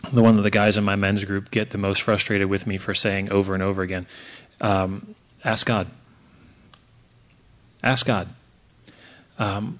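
A man on a church Q&A panel who lays out his points in order, thoughtful and lightly humorous. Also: fairly low pitch. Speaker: church panelist, men's group leader. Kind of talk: panel discussion.

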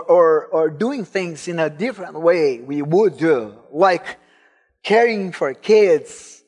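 A man's voice: high voice, slightly rough. A man from Brazil, not an English speaker, preaching a sermon and telling his own story with growing fervor. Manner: personal testimony, rising to fervent emphasis.

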